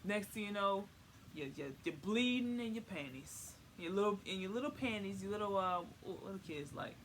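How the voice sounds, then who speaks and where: A young woman vlogger casually telling a personal story, candid and giggly, pausing often to find her words. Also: medium pitch, lively intonation, a little hiss or hum.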